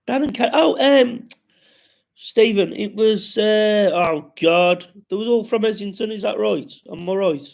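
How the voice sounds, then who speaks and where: A man's voice: sits high, measured pace, vocal fry, darkish tone. A man with a West Midlands accent hosting a live stream, reading out comments with sweary, jokey banter.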